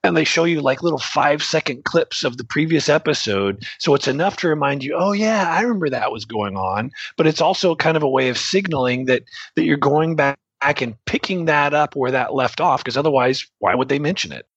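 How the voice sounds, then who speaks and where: A man's voice: a little high, a little fast, hardly any pauses, a bit bright, husky, dry recording, dull audio. A man teaching Greek grammar in a loose, conversational way, explaining ideas through everyday analogies.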